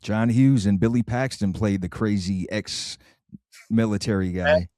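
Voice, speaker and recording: A man's voice: lowish voice, steady tone, a little slow, mellow, no echo, clean studio sound. A man co-hosting a podcast, recapping episodes in a matter-of-fact way in casual chat. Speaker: podcast co-host. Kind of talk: casual chat, reading show notes.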